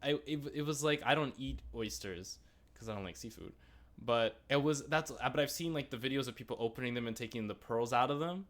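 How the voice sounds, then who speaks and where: A man co-hosting a relaxed review chat, voice sitting at an ordinary middle pitch. He rambles cheerfully, restarting sentences and tossing in asides. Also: a little fast. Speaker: podcast co-host. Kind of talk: casual chat reviewing a TV episode.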